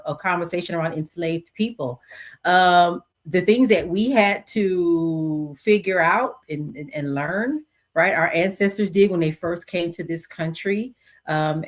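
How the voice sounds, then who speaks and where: A middle-aged American woman hosting her own podcast, talking casually with many fillers and asides. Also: lowish voice. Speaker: podcast host. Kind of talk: casual solo podcast talk.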